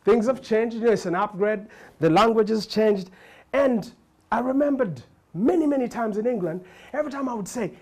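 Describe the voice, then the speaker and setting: A middle-aged man from Uganda with a Ugandan accent, telling stand-up comedy stories with animated, constant voice switching. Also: high-pitched, moderate pace. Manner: animated, frequent voice switching and laughter.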